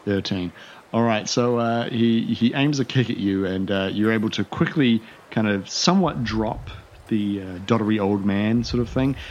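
A man with a fairly low voice narrates as game master of a tabletop role-playing game. He rambles loosely, circling back with fillers and restarts, over faint background noise. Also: moderate pace, highs cut off.

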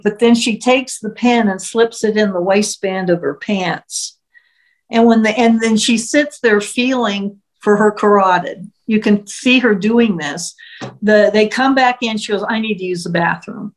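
In a low-quality recording, a woman with a mid-range voice casually recounts a case, retelling events vividly and briefly slipping into the voices of the people she quotes.

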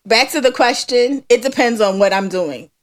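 A woman's voice: a little high, normal speed. A woman co-hosting a podcast in casual chat, playfully defending herself and laughing easily. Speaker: podcast co-host.

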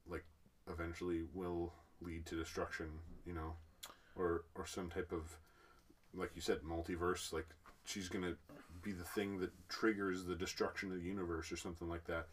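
A man hosting a casual talk about a TV series, animated and acting out lines he quotes. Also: low voice. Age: adult parent.

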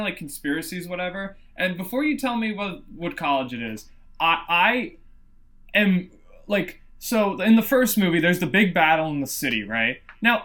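A man's voice: sits high, fairly bright tone. A man co-hosting a casual movie review podcast, ranting and swearing as he picks apart a film. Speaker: podcast co-host.

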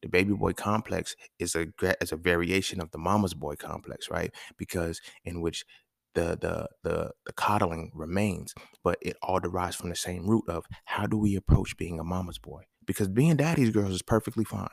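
A man's voice: sits low, moderate pace, gravelly, no echo, studio quality. A man hosting a podcast, talking in a casual, emphatic monologue full of slang and swearing, often checking in with his listeners. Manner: emphatic, slangy, profane, asks listeners questions. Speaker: podcast host.

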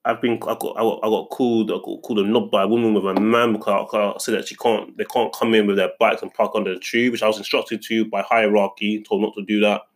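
A man's voice: fairly low pitch, little pitch movement, quick pace, hardly any pauses. A young man in casual chat, telling a story indignantly and rambling, with many restarts. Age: young adult.

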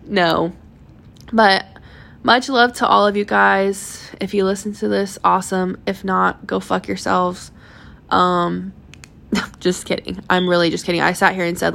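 A woman hosting a casual solo podcast, rambling with crude, self-mocking humor and quick backtracking. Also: lowish voice, flat delivery, a bit bright. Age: adult, previously married. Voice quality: creaky. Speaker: podcast host.

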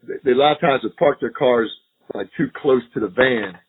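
Middle-aged man, husky voice, animated storyteller, phone-line audio. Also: mid-range voice, fairly quick. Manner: animated, laughing storyteller who acts out quotes. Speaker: retired FBI agent, podcast guest. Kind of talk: storytelling interview.

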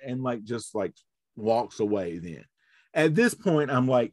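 A man's voice: mid-range voice, expressive, takes it slowly, no room sound, clean studio sound. A man hosting a podcast, telling a story in casual chat and acting out the voices of the people in it. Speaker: podcast host.

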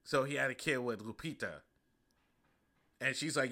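A man hosting a podcast, reviewing a movie in a loose, profane, animated way. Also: mid-range voice, normal speed, creaky, pauses often. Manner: loose, profane and animated, acting out quoted lines. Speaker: podcast host. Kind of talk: casual comedic movie review.

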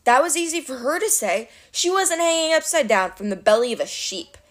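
A woman reading a novel aloud in storybook narration, with an animated, wry delivery. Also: high-pitched, brisk. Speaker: reader of a novel.

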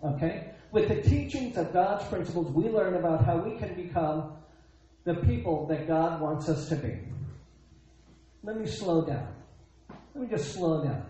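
Guy preaching a sermon, keeps repeating himself and throwing out questions, mellow voice, super echoey dull recording. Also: fairly high pitch, expressive, unhurried. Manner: emphatic, repeats phrases, asks rhetorical questions.

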